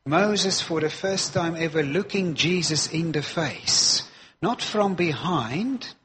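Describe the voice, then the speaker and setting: Male preacher, sermon delivery, unhurried and emphatic, voice sits a little high. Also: animated, a bit bright, a little hiss or hum. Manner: emphatic, repeats key phrases for weight.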